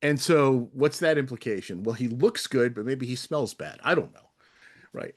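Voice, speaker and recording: This panel participant in an online discussion speaks unhurriedly in a mid-range voice. He offers thoughtful points and backs them up with playful examples.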